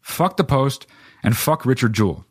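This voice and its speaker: A man's voice: mid-range voice, expressive, moderate pace, slightly rough, no echo, studio quality. A man hosting a solo podcast, ranting casually about films in a profane, rambling way with lots of filler words. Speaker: podcast host. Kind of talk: casual solo film rant.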